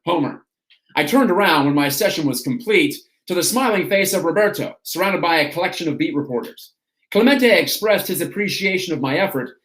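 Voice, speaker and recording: A man hosting a stream, reading an autobiography aloud in a steady storytelling way. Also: fairly high pitch. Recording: roomy echo.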